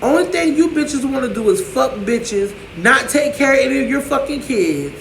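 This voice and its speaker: A man's voice: extremely high pitch, expressive, normal speed, creaky, fairly bright tone, slight background noise. A man ranting to camera in a profane, sassy, scolding way, in an echoey room. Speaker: vlogger.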